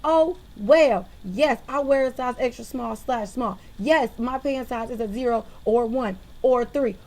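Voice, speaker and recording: Young-sounding woman with a raised pitch, venting at home into a webcam. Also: unhurried, poor audio. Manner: animated, exasperated ranting. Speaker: vlogger. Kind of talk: casual venting monologue.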